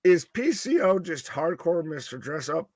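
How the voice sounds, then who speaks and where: A man's voice: fairly high pitch, normal speed, no room sound. A man from Canada co-hosting a live wrestling watch-along, joking his way through the match. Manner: jokey, lively, drifts into playful asides. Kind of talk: casual live commentary.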